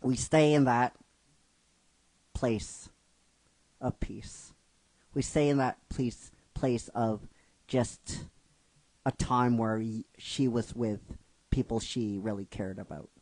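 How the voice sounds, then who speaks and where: A man narrates an emotional story slowly, often breaking off and restarting his phrases as he goes. His pitch is middle of the road, and the recording is dry and close. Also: steady tone, a little mellow, dry recording, low-quality recording. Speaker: narrator retelling a fan script.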